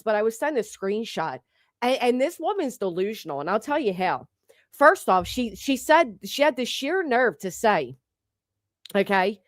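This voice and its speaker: An indignant woman rants straight into a close mic, her voice sitting a little high and bone-dry with no room sound. She is sarcastic and profane and keeps firing off pointed rhetorical questions. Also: no echo. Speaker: online commentator. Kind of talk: heated ranting commentary.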